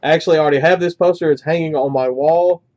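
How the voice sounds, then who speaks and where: A man's voice: on the high side, steady tone, quick pace, a little mellow, muffled recording. A man hosting a metal music channel, chatting casually at home through an unboxing, congested and a little out of breath, with many "uh" fillers.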